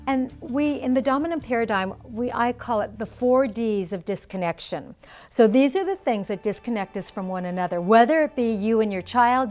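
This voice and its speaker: Calm woman teaching parenting, faint music. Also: medium pitch. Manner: calm, explanatory, acts out example phrases. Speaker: parenting instructor. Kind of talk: instructional video talk.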